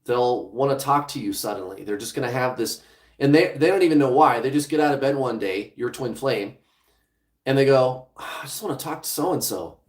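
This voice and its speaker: A man's voice: medium pitch, moderate pace, echoey room. A man hosting a livestream as a relationship coach, speaking bluntly and casually, with some swearing, straight to his viewers.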